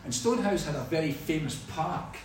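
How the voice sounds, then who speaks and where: Echoey preacher, lively. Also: male voice, fairly high pitch, fairly quick, slight background noise. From Scotland. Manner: lively storytelling with humor. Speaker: pastor. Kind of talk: sermon. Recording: echoey hall from far off.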